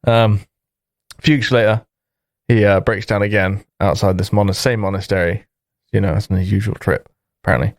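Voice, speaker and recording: A man's voice: lowish voice, steady tone, fairly quick, no echo, studio quality. Man rambling through a long joke. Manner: rambling, lots of fillers and laughs. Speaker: podcast co-host. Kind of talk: casual joke-telling.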